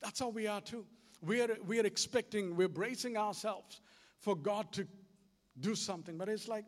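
A man's voice: high-pitched, moderate pace. A man preaching a sermon, telling stories with animation and acting out dialogue. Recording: long hall reverb.

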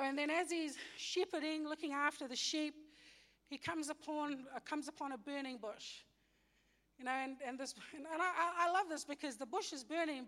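Her voice is high and fairly bright as she tells a Bible story like an informal sermon, using casual slang. She chats along with lots of fillers, restarts and self-corrections. A long reverb, like a hall, trails every word.

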